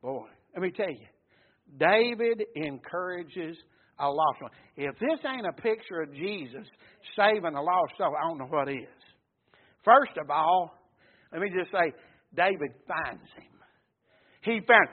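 High-voiced preacher on tinny radio. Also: male voice, animated, measured pace, slightly rough. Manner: rousing, rising to shouts with call-and-response amens. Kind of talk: sermon. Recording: tinny phone-like radio broadcast.

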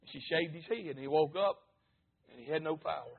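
A man preaching a sermon, swinging between fervent shouts and low murmurs. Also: brisk, vocal fry, breathy edge. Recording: tinny, phone-like sound.

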